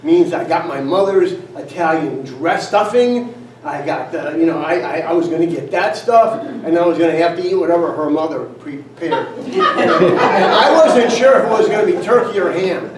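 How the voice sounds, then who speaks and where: A man's voice: a little high, lively intonation, normal speed, slight background noise. An older man giving a folksy storytelling speech at a company event, tossing in frequent "right?" asides and chuckles. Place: event room at a company trip. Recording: roomy, distant mic with faint ambience.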